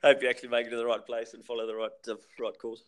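A man co-hosting a casual podcast chat, relaxed and jet-lagged, laughing easily. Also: mid-range voice, rapid-fire. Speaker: podcast co-host. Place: hotel area on a trip.

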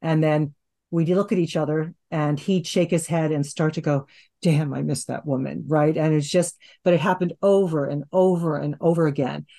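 A woman's voice: deep voice, fairly even intonation, moderate pace, warm tone. A woman in her sixties, a hypnotherapist and interview guest, telling a long personal story in a rambling conversational way, with many restarts. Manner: rambling, with restarts and "you know".

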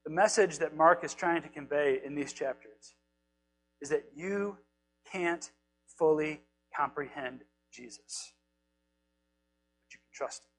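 A man preaching a casual, animated sermon, retelling scripture stories and acting out the quotes in a conversational way. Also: a little high, a little slow, pauses often, soft background music, poor audio. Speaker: pastor.

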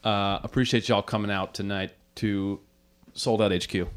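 A man hosting a casual podcast chat, animated and quick to react. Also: lowish voice, a little hiss or hum. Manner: animated, quick gasps and laughs. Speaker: podcast host.

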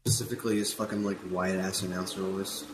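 A man's voice: low voice, little pitch movement, fast. A man chatting over voice chat while gaming, dry and teasing. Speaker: gamer chatting with friends. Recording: noisy mic with background noise.

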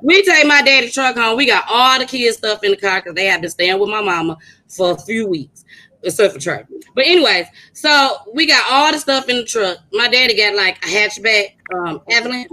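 A woman co-hosts a podcast with a bright, forceful voice, set fairly high. She tells stories loudly and with animation, swearing freely and laughing along the way. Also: lively intonation, normal speed, low-quality recording. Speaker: podcast co-host. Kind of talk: casual chat and storytelling.

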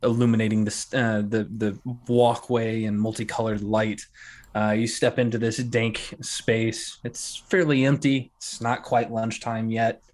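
A man's voice: on the low side, little pitch movement, unhurried, a little mellow. A man narrating as game master of a tabletop game, in a loose, chatty way with lots of fillers.

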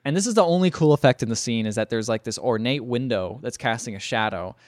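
A man's voice: medium pitch, fast talker, dry recording. A young man hosting a podcast, animatedly retelling a movie plot and acting out the characters' lines. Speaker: podcast host. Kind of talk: casual movie recap.

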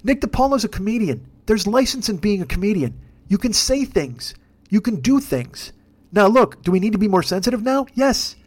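A man's voice: high voice, big pitch swings, moderate pace, husky. A man hosting a comedic podcast, talking in a profane, rambling rant. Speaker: podcast host.

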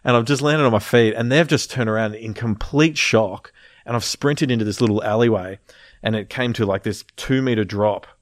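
Male storyteller, low-pitched, animated and profane, casual podcast chat. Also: normal speed, no echo, clean studio sound. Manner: animated, swearing, laughing through the story.

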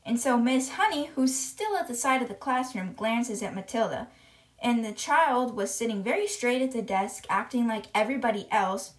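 A woman with a fairly high voice retells a children's book in a loose, chatty way. She keeps saying "like" as she goes, a podcast storyteller rather than a formal reader. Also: animated, normal speed. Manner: chatty, uses "like" a lot.

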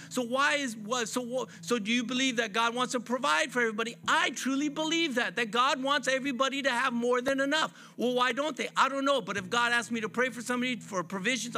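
A man's voice: very high-pitched, pushed and bright. A man preaching a sermon at a church service, fervent and repetitive, calling out to the congregation. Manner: fervent, repetitive preaching with call-and-response phrasing.

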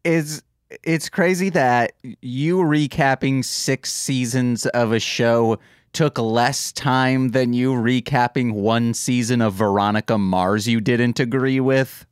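Smooth-voiced male podcast co-host. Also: medium pitch, slow, dry recording, studio quality. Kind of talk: casual chat.

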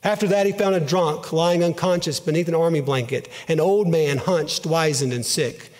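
A man giving an earnest, emotive dramatic reading of a story, in a measured way. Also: a little high, darkish tone. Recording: long hall reverb.

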